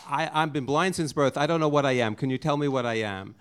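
Brief: apologetic blind rabbit, polite and timid, lowish voice, put on by a man telling a joke. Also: quick pace, noisy background, natural voice. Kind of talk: joke told at open mic.

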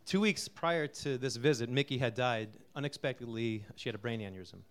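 A middle-aged man from Connecticut introduces a song he wrote, talking softly and haltingly with many fillers. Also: mid-range voice. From Connecticut, USA. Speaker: singer-songwriter introducing a song. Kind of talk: casual spoken intro before a live song.

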